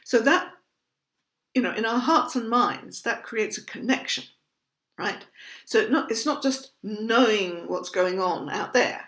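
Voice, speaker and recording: A woman teaching about Buddhism in a measured, thoughtful educational talk, patiently explaining terms. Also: a little high, expressive, a bit bright. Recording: roomy echo.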